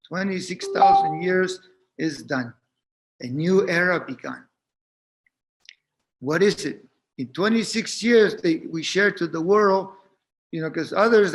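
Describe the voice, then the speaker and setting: A man with a notably high-pitched voice shares a reflective spiritual talk as a teacher. His delivery is gentle and unhurried, with frequent pauses and repeated words as he finds his way through each thought.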